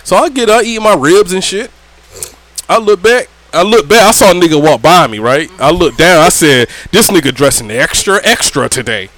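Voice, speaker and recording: A young man, telling animated, profane stories with friends on a podcast. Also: sits high, normal speed, dry recording. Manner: animated, laughing, profane, slangy, lots of "right?". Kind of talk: casual storytelling chat. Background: friends talking in the background.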